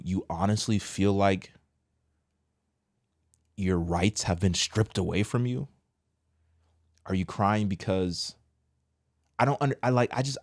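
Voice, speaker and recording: A man with a lowish voice delivers an opinion commentary straight to the listener, slangy and blunt. He jumps from loud, high-pitched outbursts down to quiet muttered asides. The sound is close and dry, with no room around it. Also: dry recording. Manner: animated, swings between loud outbursts and low quiet asides; casual slangy address, says bro. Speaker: commentary host.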